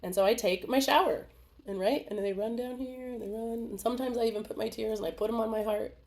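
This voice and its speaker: Animated woman hosting a live webinar. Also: on the high side, fast talker. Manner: animated, laughing, acts out little voices. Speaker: webinar host. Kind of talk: casual live webinar talk. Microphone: video call.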